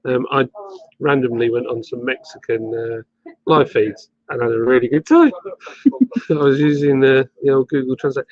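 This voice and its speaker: A man's voice: medium pitch, normal speed, no echo, dull audio. A man hosting a casual live stream from a bottle shop, rambling and chatty as he greets viewers and reads comments.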